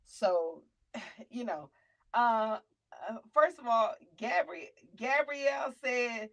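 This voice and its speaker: A middle-aged woman hosts a casual talk show in a high voice. She talks with animated, preachy energy and now and then shouts out names. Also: slow, poor audio. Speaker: show host.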